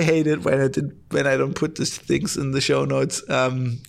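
A man hosting his own podcast in a casual, rambling, profane way, hoarse from hay fever, with many fillers and restarts. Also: medium pitch, flat delivery, moderate pace, hardly any pauses. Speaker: podcast host. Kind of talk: casual solo podcast, reading listener mail. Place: at home, lives in Germany.

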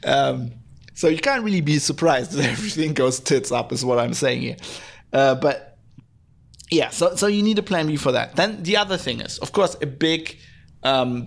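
A man's voice: mid-range voice, vocal fry. A man hosting a podcast, ranting in blunt, sarcastic casual commentary, swearing freely and restarting his sentences often. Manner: frequent fillers and restarts. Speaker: podcast host.

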